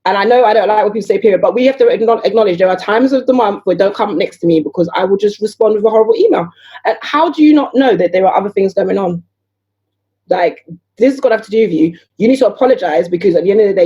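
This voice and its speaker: A woman talking as a podcast guest in casual conversation. She is animated, fires off rhetorical questions and acts out other people's voices. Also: mid-range voice, quick pace, lo-fi sound. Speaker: guest entrepreneur.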